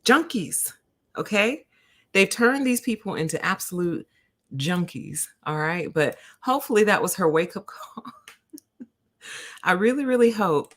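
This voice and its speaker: A woman's voice: mid-range voice, animated, a little slow, long pauses. A woman hosting her own channel, casually telling viewers a story, laughing often and acting out both sides of a conversation. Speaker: channel host.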